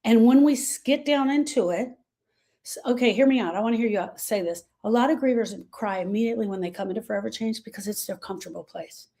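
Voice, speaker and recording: A woman grief coach giving a motivational talk to viewers, emphatic and repetitive, dropping soft and then rising loud, calling listeners "girl". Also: a little high, fast.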